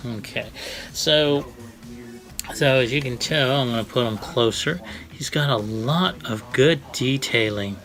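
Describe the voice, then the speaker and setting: A man reviews a collectible toy in a relaxed, rambling way, stopping often for fillers and restarts. His voice sits at an ordinary middle pitch. Faint music plays behind him. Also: unhurried. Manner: rambling, many fillers, friendly.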